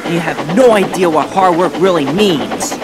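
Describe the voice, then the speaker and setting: A man's voice: a little high, moderate pace, background noise, pitched above the performer's own voice, close to an everyday voice. A man voicing a rude, blunt male relief train driver who snaps and sneers. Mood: sneering. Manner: snapping, sneering.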